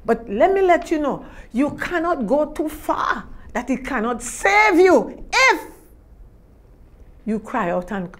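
A woman minister with a Trinidad and Tobago accent delivers a sermon in a high, bright voice. She preaches with fervor, repeating phrases and breaking in with hallelujahs. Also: very animated, measured pace, hardly any pauses. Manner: fervent preaching with frequent hallelujahs.

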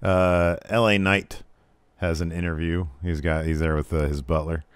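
A man with a fairly low voice recaps last night's wrestling in easy, casual chat. He gets animated, jumping into loud, over-the-top voices when he quotes the performers. The recording is dry and close. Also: moderate pace, clean tone, no echo. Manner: animated, jumps into loud exaggerated impressions when quoting wrestlers. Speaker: podcast co-host.

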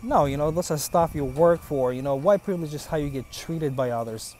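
A man's voice: fairly high pitch, a little fast, darkish tone, slight background noise. A man in his thirties with a foreign accent, talking bluntly and casually to camera, swearing as he tells stories. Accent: foreign accent in English. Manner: blunt, profane, storytelling. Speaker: vlogger.

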